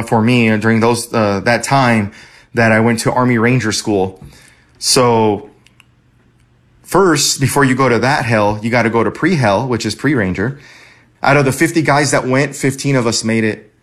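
A man's voice: medium pitch, fairly bright tone. A man from California, an Army veteran, telling his own war story in a conversational way, restarting phrases now and then. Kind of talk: personal storytelling.

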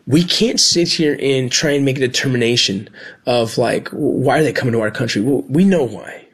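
Man, middle-aged, husky voice, mid pitch, earnest heartfelt storytelling, restarts phrases. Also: a little fast, a bit bright. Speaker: former Border Patrol agent and medic. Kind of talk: personal storytelling.

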